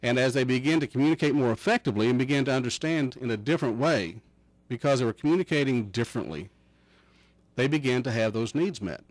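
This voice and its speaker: A middle-aged man, a counselor, talking in a folksy, measured way and telling anecdotes. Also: mid-range voice, lively intonation, no room sound, poor audio. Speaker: counselor guest. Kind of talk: casual chat.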